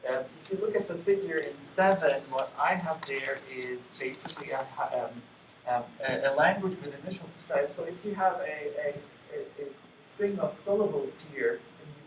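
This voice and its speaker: A man delivers an academic lecture in a measured, explanatory way, pausing on fillers and asking the room if they follow. His voice sits back from the mic in an echoey hall. A steady hiss of noise runs under the live-stream recording. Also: fairly high pitch. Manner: measured, explanatory, frequent fillers and checks with the audience. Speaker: conference plenary speaker. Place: conference hall. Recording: roomy distant live-stream audio with noise.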